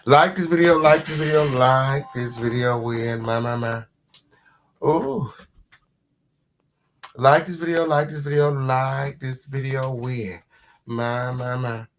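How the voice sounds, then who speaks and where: A man hosting a casual live commentary stream at home, sassy and full of repeated drawn-out catchphrases. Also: mid-range voice. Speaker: livestream host.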